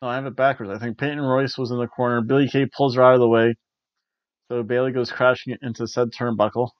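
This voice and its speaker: A man's voice: medium pitch, flat delivery, fast talker, no echo, dull audio. A man hosting a casual spoken review. He rambles, corrects himself and chuckles often. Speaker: host of a wrestling review show.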